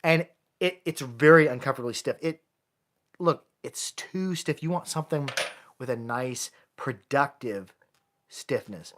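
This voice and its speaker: A man's voice: medium pitch, a little slow, fairly bright tone. A man, a jaw harp player and maker, giving a casual live-streamed lesson and often restarting his sentences. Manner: casual, chatty, with frequent restarts.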